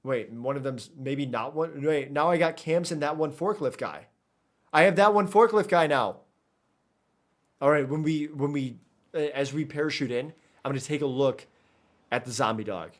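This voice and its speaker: A man's voice: mid-range voice, normal speed. A man streaming a video game, rambling casually to his chat while he plays. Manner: rambling, chatty, talks to chat while playing. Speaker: gaming streamer. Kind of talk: casual live gameplay commentary.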